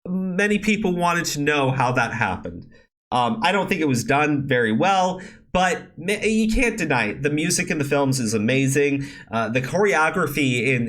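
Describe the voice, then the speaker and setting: A man hosting a commentary channel, ranting angrily and sarcastically with lots of swearing, stammering and repeated words, and shouting when worked up. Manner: shouts and climbs high when angry.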